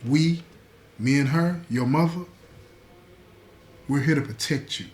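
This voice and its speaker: A man voicing a caring, protective stepfather who speaks low and earnest, in a steady reassuring tone. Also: unhurried, lightly acted. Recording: echoey room.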